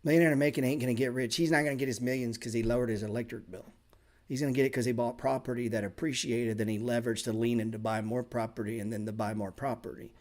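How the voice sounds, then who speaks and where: A man's voice: medium pitch, steady tone, quick pace, a little mellow. A man teaching a live class on trading, talking bluntly and emphatically with lots of swearing and sarcastic asides. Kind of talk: casual live class talk.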